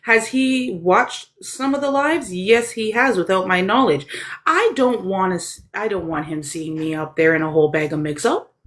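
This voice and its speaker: A woman's voice: medium pitch, moderate pace. Woman on a live chat, mid voice, emphatic, asks questions then answers them. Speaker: guest on a live stream.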